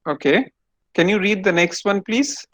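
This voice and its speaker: A man's voice: sits high, normal speed, a crowd in the background. A man giving an online lecture to students over a video call, explaining step by step and quizzing them.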